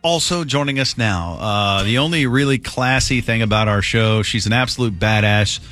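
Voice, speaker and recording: A man's voice: on the low side, normal speed, fairly bright tone, soft background music. A middle-aged man from Texas hosting a morning radio show, joking around and plugging upcoming segments. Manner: jokey, self-mocking, hypes segments. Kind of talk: casual radio banter. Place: radio studio.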